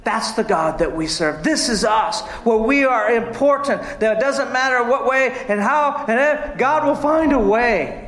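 High-voiced pastor preaching in an echoey church. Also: male voice, a little slow, few pauses. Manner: animated preaching, sudden swings between loud and hushed. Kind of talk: sermon. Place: church sanctuary.

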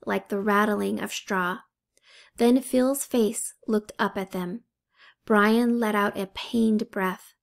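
Slow, gravelly woman reading a storybook. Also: a little high. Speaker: audiobook reader. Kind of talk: storybook narration.

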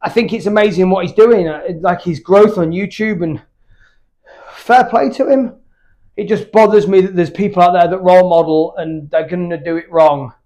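A man's voice: high voice, normal speed, darkish tone. A British man chatting candidly between workout sets in his home gym, rambling and swearing freely. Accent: British English. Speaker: fitness YouTuber.

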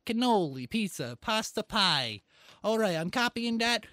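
A man plays a boastful Italian chef who rambles through endless lists of pasta, pizza and spices in a thick put-on Italian-American accent, proud of every dish. The voice sits rather high and sounds dry and close. It is comedy improv over a video chat. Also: very animated, measured pace, pushed and bright, dry recording, heavily acted. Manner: rambles through food lists, pleased with himself.

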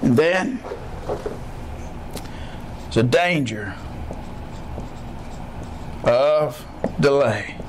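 A man preaching a sermon as pastor, folksy, acting out the voices in his stories and rising to shouts. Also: mid-range voice, animated, extremely slow, long pauses, slight background noise. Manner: folksy storytelling, acts out voices; rises to shouts when fired up. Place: church.

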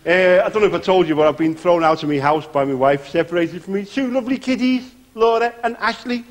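An actor playing a self-pitying middle-aged warm-up comedian, rambling through his patter in a TV sketch comedy. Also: sits high, fast, slight background noise, lightly acted.

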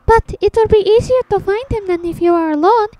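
A woman voicing a polite, gentle young girl helping a friend, soft and courteous in her speech. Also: extremely high pitch, brisk, slight background noise, voice pushed up.

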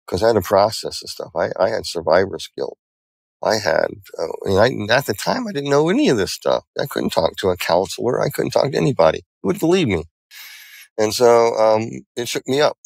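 A man's voice: low-pitched, creaky, a little mellow, dry recording, poor audio. An older man giving an earnest, rambling personal testimony as an interview guest.

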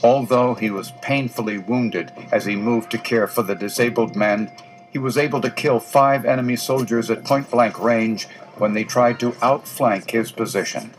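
A man narrates a documentary in a steady, scripted way. His voice sits mid-range. Soft music plays faintly beneath him. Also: mid-range voice, moderate pace, poor audio. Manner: steady storytelling.

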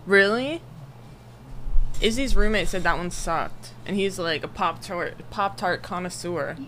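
Speaking at a measured pace, a young woman with a fairly low, fairly bright voice streams from home as an air conditioner hums, plus a little hiss on the audio. She rambles casually in a live-chat session, welcoming viewers individually.

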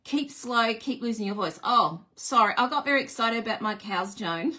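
A woman's voice: fairly high pitch, normal speed. An Australian woman hosting a live card-making demonstration, bubbly and chatty as she greets viewers and walks through each step. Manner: bubbly, chatty and easily excited.

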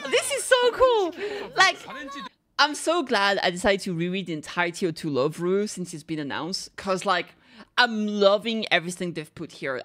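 A woman streamer giving excited, casual reaction commentary, gushing and squealing with delight, with fillers and the odd swear. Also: fairly low pitch. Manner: gushing, squeals and laughs often. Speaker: streamer reacting to a game livestream.

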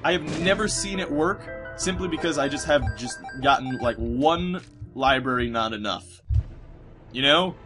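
A man's voice: fairly high pitch, moderate pace, fairly bright tone, soft background music. A man giving casual gameplay commentary, rambling and self-mocking, cursing at the game and slipping into a put-on British accent at times. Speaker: let's play commentator.

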